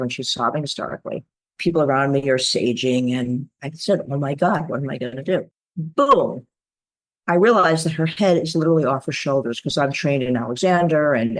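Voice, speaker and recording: A woman guest, an author and creativity coach, telling anecdotes in an animated, theatrical way on a podcast. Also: rumbling low. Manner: lively, theatrical, acts out voices in her anecdotes. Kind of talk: animated storytelling in a podcast interview.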